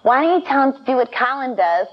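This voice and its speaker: Woman, comedian, deadpan, dry, somewhat high voice, muffled audio. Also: quick pace. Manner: dry, deadpan crude jokes. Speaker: comedian panelist. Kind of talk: comedic advice segment. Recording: muffled broadcast audio with faint hiss.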